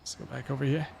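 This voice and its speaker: A man's voice: mid-range voice, gravelly, sharp tone, a little hiss or hum. A man livestreaming a game, rambling and musing as he talks to his chat in casual commentary. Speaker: gaming livestreamer.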